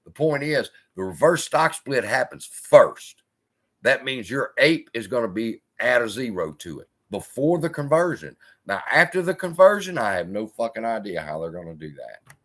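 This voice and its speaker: A man's voice: mid-range voice, very animated, normal speed, fairly bright tone. A man hosting a live investing stream, talking in a blunt, profane, storytelling way. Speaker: investing channel host.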